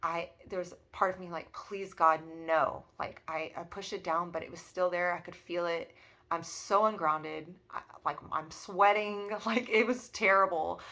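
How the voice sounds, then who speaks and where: Woman, thirties, bright voice, slightly low pitch, earnest, emotional, reflective monologue. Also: steady tone, normal speed. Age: 30s. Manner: earnest, emotional, many fillers. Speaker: spiritual vlogger.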